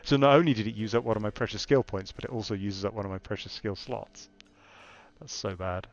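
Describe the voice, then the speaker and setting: A man's voice: fairly low pitch, fairly even intonation, a little fast, muffled recording. A young man casually commenting as he plays a video game, thinking aloud with exasperated asides. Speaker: gamer. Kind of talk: casual let's-play commentary.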